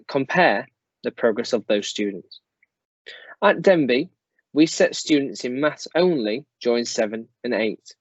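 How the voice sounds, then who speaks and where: Formal man, measured explanation. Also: medium pitch, no room sound. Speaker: school staff presenter. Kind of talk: scripted presentation to parents. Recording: slightly dull, dry close recording.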